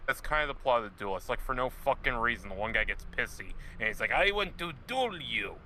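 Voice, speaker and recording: Fast, bright-voiced teasing man. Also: lowish voice, a little hiss or hum. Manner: teasing, crude, quick retorts. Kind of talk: casual chat over a game.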